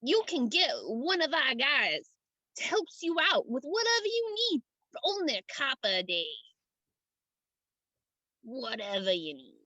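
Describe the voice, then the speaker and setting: A woman's voice: sing-song, a little slow, pauses often, bright, forceful tone, no echo, dull audio, exaggerated voice. Woman doing a slick slangy union recruiter. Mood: salesy. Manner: folksy slangy sales pitch, drawling "yous" and "y'all". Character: slick fast-talking union recruiter, hustling salesman.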